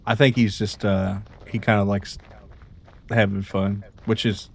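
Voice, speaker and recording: Young man, gaming stream, laid-back, low voice, mutters to himself. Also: level tone, unhurried, gravelly, slight background noise. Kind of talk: casual chat while gaming.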